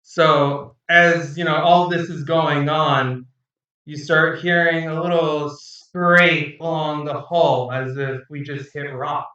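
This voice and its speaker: A man's voice: a little high, fairly even intonation, slow pace, pushed and bright, very echoey, recorded from a distance, muffled recording. A man narrating as game master of a tabletop game, rambling and hesitant with fillers.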